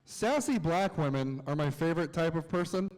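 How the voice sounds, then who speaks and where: A man doing a stand-up set on an outdoor plaza stage, with self-mocking, deadpan asides. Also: a little high, moderate pace, big-room sound, poor audio. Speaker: stand-up comedian.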